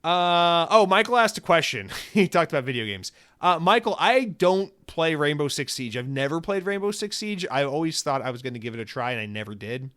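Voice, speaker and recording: A man's voice: on the high side, a little fast, few pauses. A young man hosting a solo podcast, rambling and swearing as he tells stories and rants. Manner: rambling, profane, animated storytelling. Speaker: podcast host. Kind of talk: casual solo podcast rant.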